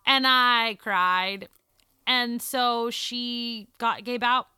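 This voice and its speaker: Woman, 30s, chatty storyteller, bright crisp voice, animated with quiet hushed moments. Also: on the high side, very slow, no echo, studio quality. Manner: animated, drops to a hush for emotional moments. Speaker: guest telling her birth story. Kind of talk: casual storytelling chat.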